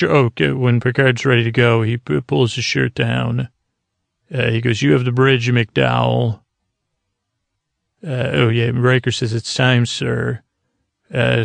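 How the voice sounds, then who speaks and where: Gravelly flat-voiced man recapping. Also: medium pitch, no room sound. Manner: halting, many fillers, loses his place. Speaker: podcast host. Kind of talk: casual episode recap from notes.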